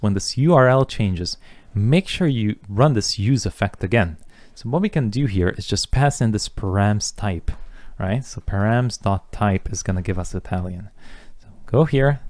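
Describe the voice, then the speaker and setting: A young man teaching a coding lesson, talking through each step as he types, with relaxed asides. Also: fairly low pitch, no room sound. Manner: talks through steps while typing, relaxed asides. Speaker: coding instructor. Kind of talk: casual screen-recorded coding tutorial.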